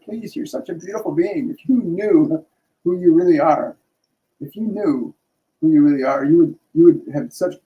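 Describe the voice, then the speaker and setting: A man's voice: on the high side, mellow, highs cut off. A middle-aged man hosting a live spiritual stream, speaking earnestly with restarts and tag questions. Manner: earnest, rambling, frequent restarts and "right?" tags. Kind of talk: casual spiritual talk.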